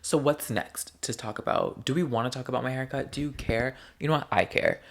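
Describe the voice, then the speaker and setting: A man's voice: mid-range voice, fairly quick, vocal fry. A young man talking straight to camera in a casual vlog, rambling in a playful and candid way and drawing out his words. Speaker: vlogger. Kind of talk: casual chatty vlog monologue.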